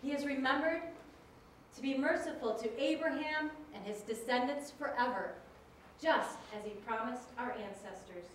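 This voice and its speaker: High-voiced woman proclaiming scripture, echoey. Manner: slow, emphatic proclaiming. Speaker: scripture reader. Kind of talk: enacted scripture reading in worship. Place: large worship hall. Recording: echoey hall from far off, faint noise.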